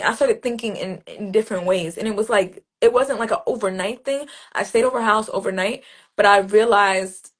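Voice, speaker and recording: A woman's voice: medium pitch, normal speed. A woman poet being interviewed, telling a personal story in a casual, earnest way, with many "like"s and restarts. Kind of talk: reflective conversational storytelling.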